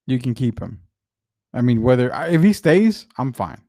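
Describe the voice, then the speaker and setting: A man hosting a laid-back sports talk show quizzes his co-host in a loose, rambling, drawn-out, conversational way. His middle-pitched voice is sing-song and mellow, sounding dry and close to the mic with no room sound.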